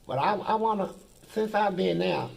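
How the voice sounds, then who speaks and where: A man's voice: sits high, animated, normal speed, creaky, rough recording. An older man telling stories in a blunt, profane, streetwise way, as a guest in an interview. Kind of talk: casual storytelling.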